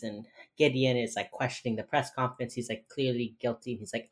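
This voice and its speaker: A woman co-hosting a podcast, casually recapping a TV episode with animated storytelling and playful reactions. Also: very deep voice, fairly quick, hardly any pauses. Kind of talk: casual chat.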